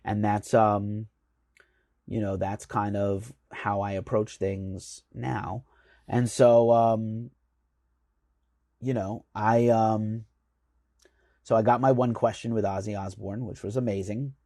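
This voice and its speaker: A man's voice: fairly low pitch, flat delivery, slow, long pauses, mellow, no room sound, clean studio sound. A man from the United States, a magazine editor hosting his show, telling a rambling, enthusiastic story full of fillers. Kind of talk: casual storytelling monologue.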